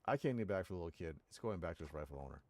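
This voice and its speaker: A man voicing a stoic, calm yakuza hero in a low, measured tone. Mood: steady.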